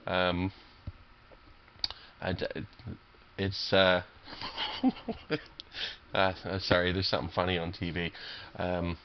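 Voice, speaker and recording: Low-voiced man ranting over poker. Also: monotone, unhurried, long pauses, muffled recording, slight background noise. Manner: irritable, swearing, rambling with many fillers and restarts. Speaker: online poker player commentating his own games. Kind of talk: profane live game commentary.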